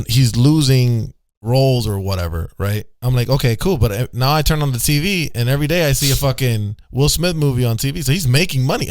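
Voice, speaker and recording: A man's voice: mid-range voice, darkish tone, no room sound. A man hosting a podcast who gives blunt, profane opinions in casual chat. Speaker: podcast host.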